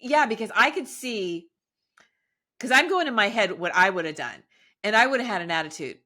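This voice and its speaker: A woman hosting a podcast interview, chatting casually and enthusiastically, wrapping up with warm thanks to her guest. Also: mid-range voice, animated, normal speed. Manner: enthusiastic, effusive, laughs easily. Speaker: podcast host.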